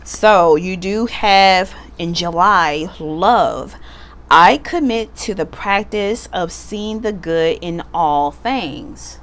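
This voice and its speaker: A woman with a smooth, clear voice sitting a little low in her range talks through a tarot spread in a loose, conversational way. She is blunt and swears freely, and she laughs easily as she goes. She is recording at home from her computer chair. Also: slow, a bit bright. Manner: chatty, blunt and profane, laughs often. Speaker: tarot reader. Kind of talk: casual pick-a-card tarot reading.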